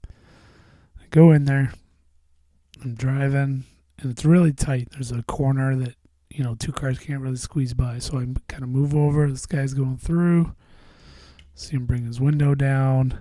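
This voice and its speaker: In a loose solo podcast, a male host rambles on with plenty of swearing, sometimes trailing off into mumbles. His deep voice is dark, mellow, and steady in tone, moving at a measured pace, with a close, dry sound and no room around it.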